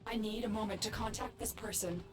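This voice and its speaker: An actress playing a composed female mission handler in a game, speaking calmly and measuredly. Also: mid-range voice, fairly quick, over loud music, natural voice. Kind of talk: game dialogue.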